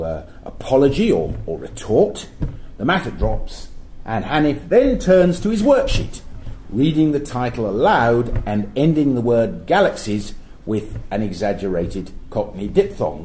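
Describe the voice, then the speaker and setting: Middle-aged guy giving a uni lecture, mellow voice, goes up and down a lot, careful, fixes his own slips. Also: fairly low pitch, very animated, slight background noise, poor audio. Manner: measured, explanatory, with small self-corrections. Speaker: university lecturer. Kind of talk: academic lecture. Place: lecture hall.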